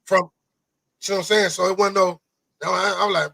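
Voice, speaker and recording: A man hosting a podcast interview, talking in an animated, rambling way, swearing often and repeating himself. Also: sits high, fast, vocal fry, slight background noise, low-quality recording. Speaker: podcast host. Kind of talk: casual interview chat.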